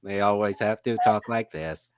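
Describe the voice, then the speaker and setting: A man co-hosting a casual live stream, joking and animated. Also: lowish voice, normal speed, clear, resonant tone, no room sound, studio quality. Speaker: co-host.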